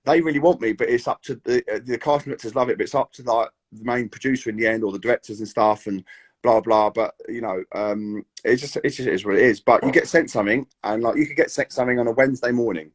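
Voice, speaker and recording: A British man in his thirties chatting as an actor guest in an interview, animated and full of acted-out quotes. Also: mid-range voice, fast. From Britain. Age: 30s. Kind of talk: casual interview chat.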